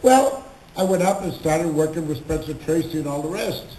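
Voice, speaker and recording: Moving at a moderate pace, an older man on a convention panel spins animated anecdotes and impersonates the people in them. His voice, somewhat high for his age, carries through a roomy hall over a faint murmur of crowd.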